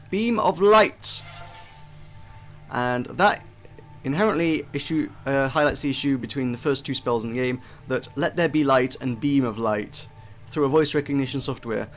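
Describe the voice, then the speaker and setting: A young man giving casual, chatty first impressions of a game, self-deprecating and often restarting his sentences. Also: mid-range voice. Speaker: game reviewer. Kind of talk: casual gameplay commentary.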